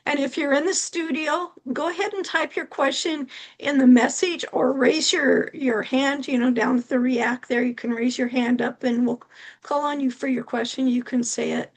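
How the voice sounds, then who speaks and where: High-voiced woman hosting a talk show. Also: fairly even intonation, moderate pace. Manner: conversational, reads audience questions. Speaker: host.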